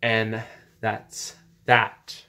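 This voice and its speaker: A man's voice: fairly low pitch, completely flat delivery, very slow, sharp tone, clean tone, full character voice. A man voicing a defiant male pro wrestler in a fan parody skit, lecturing and mocking his rival. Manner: mocking, lecturing put-downs.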